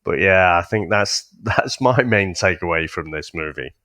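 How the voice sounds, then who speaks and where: A man co-hosting a casual film review podcast, measured and wry, often laughing at his own points. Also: sits low, animated, sharp tone, no echo, studio quality. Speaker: podcast co-host reviewing films.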